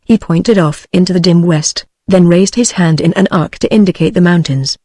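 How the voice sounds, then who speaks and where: A text-to-speech woman's voice with a British English accent, reading audiobook narration in an even, steady way. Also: lowish voice, moderate pace, no room sound, clean studio sound.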